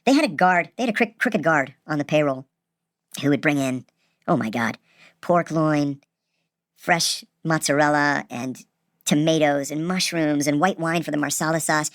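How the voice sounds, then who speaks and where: A man casually telling a personal story, animated and acting out the people he quotes. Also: fairly high pitch, moderate pace, no room sound, studio quality. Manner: animated, acts out quoted voices.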